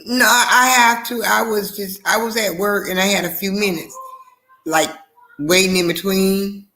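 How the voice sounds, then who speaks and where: A woman co-hosts a casual chat, her voice sitting at an ordinary middle pitch. She rambles along with restarts and laughs between her thoughts. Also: steady tone, moderate pace, bright, forceful tone. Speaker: co-host.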